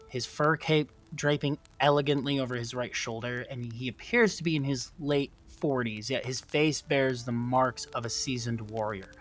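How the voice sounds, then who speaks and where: A man's voice: mid-range voice, a bit bright. Man narrating a tabletop game. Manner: rambling, many fillers like "um" and "like". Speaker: game master.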